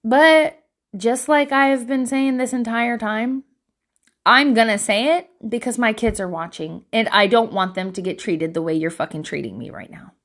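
Animated swearing woman vlogger, somewhat high voice. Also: normal speed. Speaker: vlogger giving life advice. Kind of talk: casual chat to camera. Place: home.

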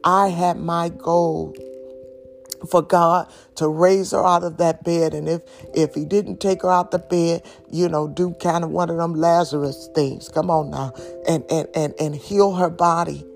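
Middle-aged woman telling a heartfelt story real slow, stops and restarts a lot, soft music behind. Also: lowish voice, fairly even intonation, vocal fry. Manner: emotional, halting, with restarts and soft laughs. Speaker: speaker giving testimony. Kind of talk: slow, heartfelt personal testimony. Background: faint instrumental music.

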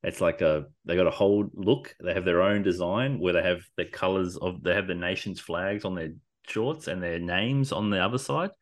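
A man with a very low voice talks in a loose, rambling way. He piles up fillers and drops the odd swear word as he chats casually on a podcast. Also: normal speed. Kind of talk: casual chat.

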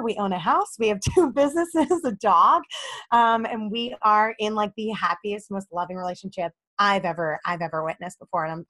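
Animated woman telling a personal story. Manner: animated, acts out quoted dialogue with rising pitch. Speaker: podcast guest, relationship coach. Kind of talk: candid storytelling interview.

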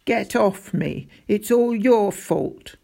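Storybook figure: a scared, sobbing boy, stammering and pitched high, read by a woman. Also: lively intonation, slow pace, vocal fry, dark tone, exaggerated voice. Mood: tearful. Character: frightened tearful young boy.

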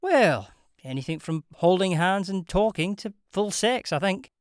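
A woman's voice: on the low side, expressive, unhurried, no room sound, clean studio sound, voice pushed up. A narrator voicing Sophia, a young Glaswegian stripper woman with a musical brogue, blunt and teasing, in an audiobook. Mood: frank, teasing. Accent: Glaswegian Scottish.

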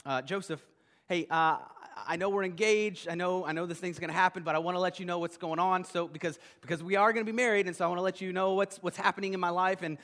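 A man voicing a young woman who breaks anxious news gently, pleading and halting. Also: sits high, steady tone. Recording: long hall reverb.

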